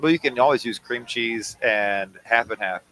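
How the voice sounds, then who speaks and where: A man hosting a casual chat, telling stories in an animated, opinionated way. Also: medium pitch, moderate pace, low-quality recording. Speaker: host. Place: expo booth.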